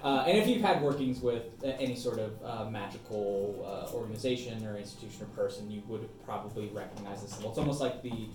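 A man's voice: on the low side, fast talker, few pauses. A man from Minnesota narrating as game master, rambling with many fillers and restarts and laughing often. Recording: roomy echo, mic at a distance, faint music.

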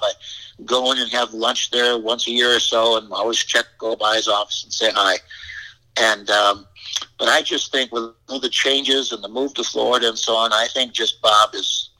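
Heard on a low-quality recording, an older interview guest with a medium-pitched, pushed, bright voice rambles through a personal story. He repeats words and throws in candid side remarks.

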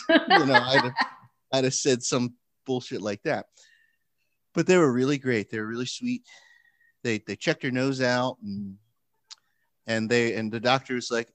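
Man in his usual mid-range voice telling a lively anecdote in conversation, doing the other people's lines, recorded dry and close. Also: medium pitch, normal speed, dry recording. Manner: animated, acts out quoted voices with laughs. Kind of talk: casual storytelling chat.

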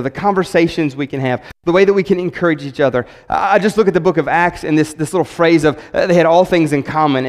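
A man's voice: high voice, a little mellow. A man preaching a sermon as pastor, enthusiastic and chatty, rambling with frequent restarts. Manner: enthusiastic, conversational.

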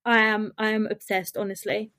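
A woman co-hosting a podcast, excitable and quick in her chat. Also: medium pitch, no echo. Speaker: podcast co-host. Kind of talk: casual chat.

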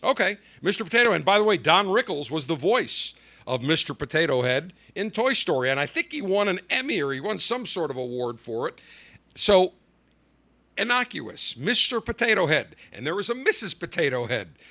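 A man's voice: on the high side, big pitch swings, normal speed, bright, forceful tone. A middle-aged man hosting a talk show, giving emphatic, indignant opinion commentary. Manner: emphatic, indignant, punchy delivery. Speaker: podcast host.

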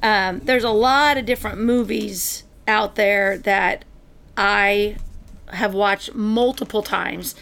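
A woman's voice: medium pitch, steady tone, slow, creaky, fairly bright tone. A middle-aged woman in casual chat, chatty and giggly, often restarting her sentences.

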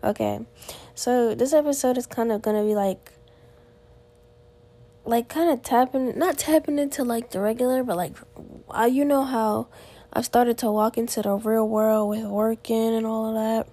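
A teen girl chats alone on her own podcast at home, sounding tired as she meanders through her weekend with frequent restarts and "like" fillers. Her voice sits on the high side with a dark tone, fairly even intonation and normal speed.

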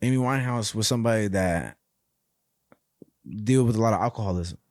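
His voice sits on the low side and moves briskly as this young podcast co-host delivers loose, profane, rambling stories with plenty of animation. No room sound intrudes on the studio-quality audio.

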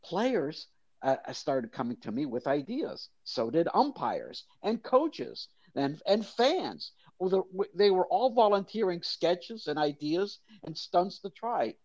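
An older man who tells his story with a lively, swooping voice, jumping up for the crowd's cries and dropping low for asides. The sound is dry and a little dull, like lo-fi interview audio. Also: a little slow, no echo. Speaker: guest, mascot performer.

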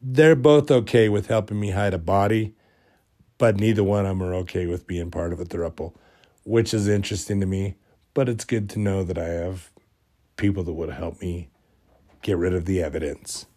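A man's voice: low voice, moderate pace, mellow. A man hosting a podcast, telling a rambling, amused story in a casual, self-deprecating way while getting over a cold. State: recovering from a cold. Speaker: podcast host.

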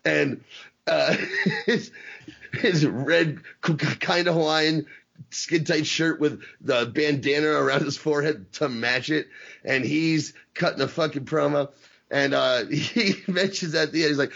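A man co-hosting a podcast in casual chat, excitable and swearing, acting out impressions as he talks. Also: fairly high pitch, slow pace, creaky, breathy edge, muffled recording. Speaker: podcast co-host.

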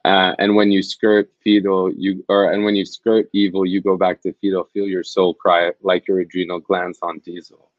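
A man's voice: low-pitched, flat delivery, normal speed, dry recording, muffled recording. A man, a field reporter, telling stories in an interview in an earnest, reflective, rambling way. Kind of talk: conversational interview storytelling.

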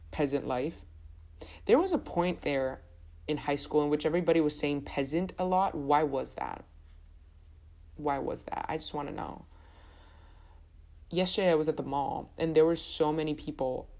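A woman's voice: deep voice, darkish tone. A young woman hosting her own podcast, chatting casually and rambling with lots of restarts. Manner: rambling, chatty, self-correcting. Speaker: podcast host. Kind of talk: casual solo podcast chat.

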